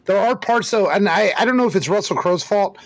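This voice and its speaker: A man with a slightly higher voice chats about a film on a podcast in a loose, rambling way. The sound is dry and close, with no room echo. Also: a little fast. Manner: loose, conversational, frequent "like". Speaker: podcast co-host. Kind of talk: casual movie discussion.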